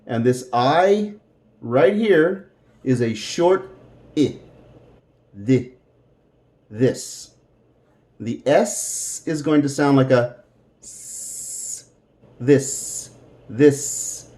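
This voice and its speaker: Guy teaching english super slow, soft mellow voice, says words over and over. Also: mid-range voice, lively intonation. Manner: repeats words slowly for pronunciation drills; mixes in Spanish translations. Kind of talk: slow, deliberate English lesson.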